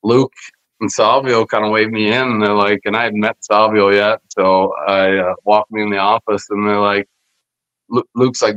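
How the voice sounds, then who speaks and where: A man from Canada, a guest wrestler telling rambling, animated stories with lots of fillers and swearing. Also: lowish voice, normal speed, no room sound. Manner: animated storyteller who acts out other people's lines; rambling, with many fillers and profanity. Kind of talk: casual storytelling interview. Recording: slightly muffled dry podcast audio.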